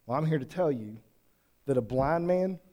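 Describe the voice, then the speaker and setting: A man preaching to his congregation with a fairly high voice. He talks to them directly and keeps asking questions. He swings from loud, emphatic lines to quiet asides. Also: expressive, moderate pace. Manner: conversational, asks the congregation questions. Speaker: pastor. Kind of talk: sermon.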